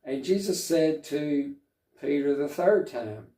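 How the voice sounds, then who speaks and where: Male preacher, slow and halting, mellow tone, echoey room from a distance. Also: a little high, animated. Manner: slow, reflective, with frequent pauses and fillers. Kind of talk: sermon.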